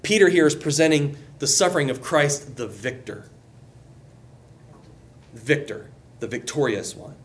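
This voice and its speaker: A man leading a group Bible study, speaking loosely and conversationally, with a voice that rises as he gets excited. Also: mid-range voice, measured pace, long pauses. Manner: enthusiastic, voice rises when excited; loose and conversational, with restarts and asides.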